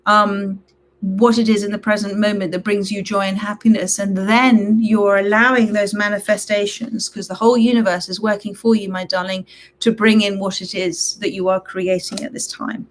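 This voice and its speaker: Croaky-voiced woman giving tarot readings. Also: medium pitch, level tone, normal speed. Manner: gentle, affectionate, calls viewers "my darling". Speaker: tarot reader hosting a live stream. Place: at home, reading from a computer late at night.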